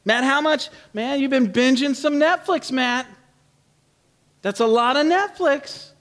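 A man's voice: very high-pitched, unhurried, fairly bright tone, voice pushed up. A man doing God as a teasing buddy. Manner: playful, teasing, chummy.

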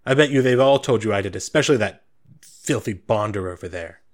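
A man's voice: lowish voice, fairly quick, lightly acted. A man voicing a bitter former town guard ranting indignantly at outsiders. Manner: indignant, accusing rant. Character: bitter older male ex-guard, hostile to outsiders.

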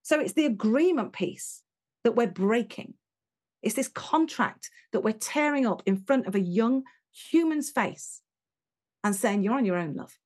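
A British woman with a high, bright-sounding voice speaks as an interview guest. She tells stories with energy and emphasis, slipping into the voices of the people she quotes. The tone is conversational rather than scripted. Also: measured pace, husky. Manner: animated, emphatic storyteller who acts out quotes.

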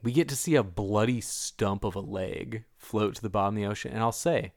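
Man telling animated stories, dry sound. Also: lowish voice, fairly quick, no echo. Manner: animated storyteller, mimics voices in anecdotes. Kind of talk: casual podcast chat about a film.

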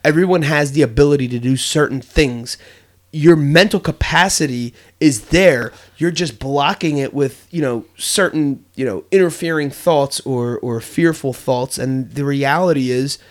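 A man's voice: on the high side, unhurried. A young man co-hosting a podcast, talking earnestly in a casual, reflective way with lots of fillers and restarts. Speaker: podcast co-host.

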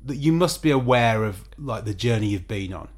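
A man's voice: on the low side, expressive, normal speed. A man hosting a podcast, asking long, rambling questions in a casual interview. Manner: rambling, thinks aloud while framing questions. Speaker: podcast host.

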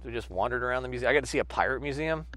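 A man's voice: medium pitch, lively intonation, very fast, a bit bright. A man co-hosting a casual podcast chat, telling rambling, profane stories and slipping into silly voices. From New York. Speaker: podcast co-host.

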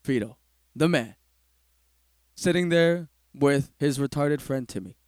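A man co-hosting a podcast, telling an improvised comedic story in an animated, profane way and laughing often. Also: on the high side, measured pace, clean tone, dry recording, clean studio sound.

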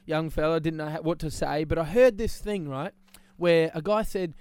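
A man's voice: on the high side, steady tone, normal speed, hardly any pauses, a little mellow, smooth, dry recording. A young man co-hosting a casual podcast, telling a rambling story with many restarts and laughs. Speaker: podcast co-host. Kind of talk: casual chat.

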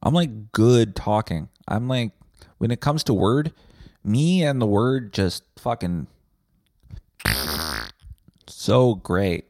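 A man's voice: on the low side, animated, slow pace, pauses often, a little mellow, dry recording. A man hosting a podcast, delivering a rambling, profane, sarcastic comedic monologue on a close mic. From Winnipeg, Canada. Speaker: podcast host.

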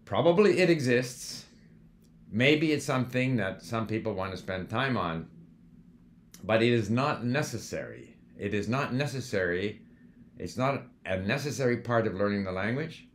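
A man with a somewhat low voice talks in a relaxed, conversational monologue. He is older and from Canada, and he drifts into side stories, dropping in fillers and restarting sentences as he goes. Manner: conversational, digressive, with fillers and self-corrections. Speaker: language learning host. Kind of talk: casual monologue.

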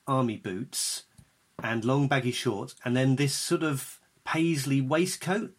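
A man's voice: medium pitch, takes it slowly. A man on a podcast telling a self-deprecating story in a wry, casual way. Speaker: podcast co-host. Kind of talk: casual chat.

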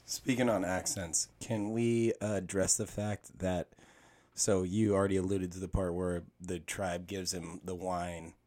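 A man in a casual movie chat, retelling a scene in a low-key way. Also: flat delivery, unhurried, a little mellow. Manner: low-key storytelling, laughing asides.

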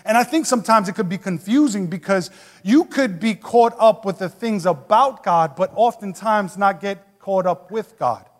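A man's voice: high-pitched, normal speed. A man preaching a sermon in a church, emphatic and conversational, with asides to the congregation. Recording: long hall reverb.

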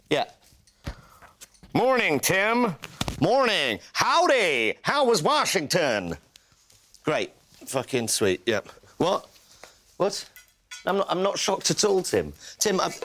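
A man's voice: high-pitched, fairly bright tone, full character voice. A man playing a foul-mouthed ranting reporter. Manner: swearing angry rant to colleagues. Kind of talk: comedy sketch monologue.

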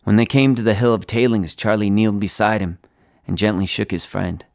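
A man reading his own short story aloud in a quiet, plain, unhurried manner, spoken-word style. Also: fairly low pitch, fairly even intonation, gravelly, no room sound, studio quality.

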